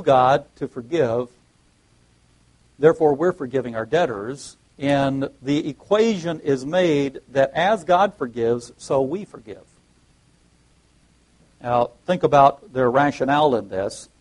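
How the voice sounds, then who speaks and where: A man preaching a sermon at a middle pitch, working through scripture passage by passage. He rises in pitch and volume on the quoted verses, then drops back into a plainer teaching tone, often restarting his phrases. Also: expressive, unhurried, darkish tone, low-quality recording. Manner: reads scripture aloud with emphatic rises, frequent restarts.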